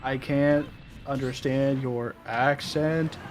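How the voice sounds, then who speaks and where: A man co-commentating a broadcast in casual chat, playful and halting with frequent fillers. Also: mid-range voice, fairly even intonation, a little mellow, slight background noise.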